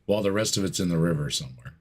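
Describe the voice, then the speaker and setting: A man as a podcast guest in casual chat, hesitant and quick to laugh. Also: low-pitched, animated, crowd noise.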